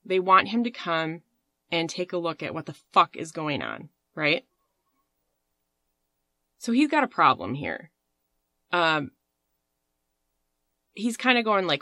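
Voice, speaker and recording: A woman's voice: on the low side, lively intonation, measured pace, long pauses, bright, forceful tone, no echo. A woman hosting a podcast, telling a story in a rambling, casual way with fillers and swearing. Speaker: podcast host.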